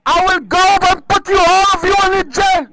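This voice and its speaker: A man on a phone call, angrily shouting insults and threats. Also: very high voice, fairly even intonation, moderate pace. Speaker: caller. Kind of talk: angry prank phone call. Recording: noisy phone recording.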